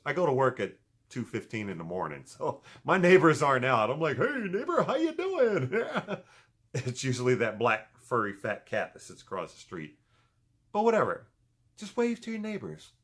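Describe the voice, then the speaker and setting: A middle-aged man talking straight to his viewers in a loose, motivational vlog. His pitch jumps around a lot, and he swings between loud, emphatic bursts and low mutters. He mixes jokes and swearing into his advice. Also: breathy edge. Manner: profane, joking. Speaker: video blogger.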